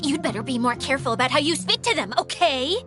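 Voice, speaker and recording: A woman voicing a touchy, boastful young girl in a video game, quick to take offense. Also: high-pitched, animated. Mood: proud. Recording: game audio with music behind.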